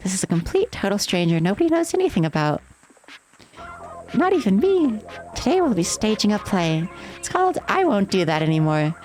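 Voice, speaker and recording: A woman's voice: mid-range voice, very animated, fairly quick, a little mellow, faint music behind, lightly acted, low-quality recording. A woman voicing a gleeful, sadistic female TV game show host in a mocking, theatrical way. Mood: chirpy. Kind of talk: voicing game dialogue on stream.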